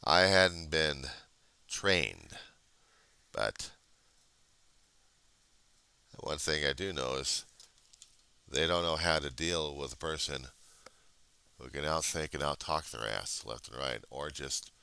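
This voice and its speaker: Deep, gravelly man, blunt and sarcastic. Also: takes it slowly, long pauses, pushed and bright, no room sound. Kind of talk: casual chat.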